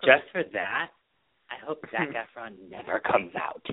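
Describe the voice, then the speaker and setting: This podcast co-host speaks with a medium-pitched, expressive voice at a measured pace. He keeps the gossipy chat light with sassy, teasing playfulness, though the audio comes through tinny, like a phone line.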